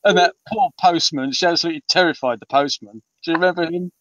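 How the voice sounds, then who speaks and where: A man's voice: a little high, fast, fairly bright tone, no echo. A British man in his fifties, an author being interviewed, talking in a rambling way with many ums and restarts. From Britain. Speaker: author guest. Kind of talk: casual interview chat. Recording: muffled, distant and dry.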